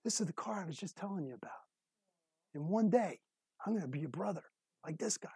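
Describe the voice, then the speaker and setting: Man doing a twelve-year-old street kid, hushed, eager, awed, dry close sound. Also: high-pitched, lively intonation, a little fast, slightly rough, no room sound, heavily acted. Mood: hushed, earnest.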